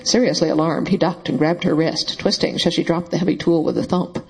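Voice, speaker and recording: Breathy, husky male audiobook narrator. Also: fairly high pitch, fairly even intonation, brisk, rough recording. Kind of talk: scripted narration.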